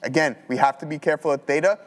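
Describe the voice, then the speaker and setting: Casual trader man in echoey room. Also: fairly high pitch. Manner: casual, fast trader talk with fillers. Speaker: trading show host. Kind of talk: live market commentary. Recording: long hall reverb.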